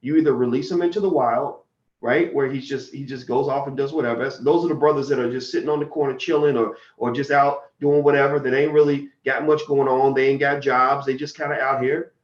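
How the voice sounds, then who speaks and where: A man's voice: mid-range voice, steady tone, fairly quick, reverberant, lo-fi sound. A man giving a blunt, profane, heated monologue on a livestream. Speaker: commentator.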